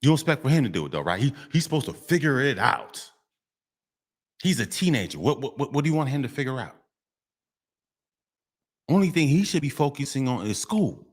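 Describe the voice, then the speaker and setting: A man's voice: mid-range voice, big pitch swings, a little fast, pauses often, husky. A middle-aged man, delivering a street monologue vlog, preachy and repetitive, often breaking into sing-song refrains. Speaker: vlogger.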